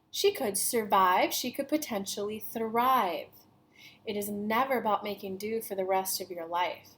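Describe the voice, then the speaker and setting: Earnest woman channeling a collective voice. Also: fairly high pitch. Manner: speaks as a collective "we", talks about herself in the third person; earnest, repeats key phrases. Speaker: spiritual channel and teacher. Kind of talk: channeled spiritual talk.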